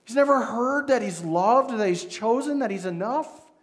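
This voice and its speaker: Midwest pastor guy preaching, really high voice, acts out the story. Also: animated, normal speed. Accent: Midwestern American. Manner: dramatic retelling, voicing figures in the story. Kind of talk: sermon.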